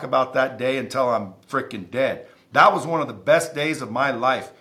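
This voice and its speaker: Man, podcast guest, emphatic, intense, swears a lot, mid-pitched voice. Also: moderate pace, few pauses, pushed and bright. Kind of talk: casual interview storytelling.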